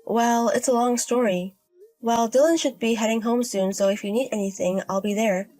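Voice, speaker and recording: A woman voicing an unbothered young woman who gambles, speaking in a low-key deadpan way in a storybook. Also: moderate pace, close to an everyday voice.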